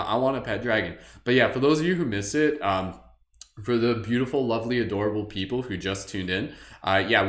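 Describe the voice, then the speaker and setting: Male meditation host, loose rambling livestream chat with a playful streak, low register, recorded in a reverberant room. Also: a bit bright. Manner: rambling, heavy use of "like"; playful, wondering.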